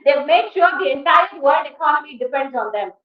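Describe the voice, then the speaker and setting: A guest lecturer with an Indian English accent addresses a college class, firing rhetorical question after rhetorical question at them. Her high voice is brisk, animated and emphatic. She's captured from a distance by a dull mic in an echoey hall.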